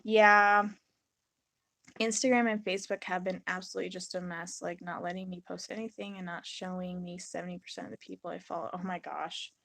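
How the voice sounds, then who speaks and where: A chatty young woman talking her way through a resin pour on a live stream. She rambles from one thing to the next, answers the chat, and acts out her own reactions in little quoted bits. Her voice sits at a middle pitch, and the sound is close and dry with no room echo. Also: vocal fry, a bit bright. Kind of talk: casual live-stream chat while crafting.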